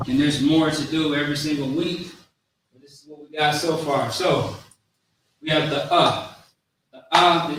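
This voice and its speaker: A man teaching a language class, slowly repeating each word and its meaning, in an informal way with many fillers. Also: fairly high pitch, a bit bright, slight background noise. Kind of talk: classroom lesson. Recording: very echoey room, distant mic, faint ambience.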